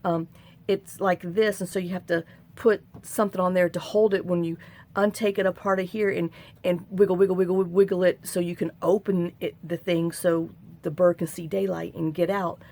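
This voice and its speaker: A woman's voice: lowish voice, little pitch movement, moderate pace, a little mellow. A middle-aged woman hosting a crafting tutorial at home, chatting in a rambling way with sighs and asides. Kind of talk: casual crafting tutorial chat.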